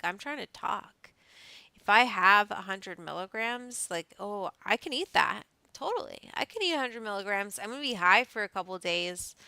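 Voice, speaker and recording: Gravelly, bright-voiced woman host. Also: mid-range voice, no echo, rough recording. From Canada. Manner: reads notes aloud then riffs off-script with asides. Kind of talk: casual reading and chat.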